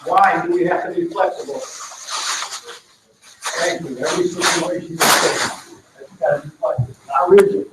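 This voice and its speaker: A workshop trainer with a fairly high voice leads a live training seminar at a moderate pace, pausing often. He talks animatedly and acts out workplace dialogues, and the recording is very noisy, echoey, and taken from a distant mic.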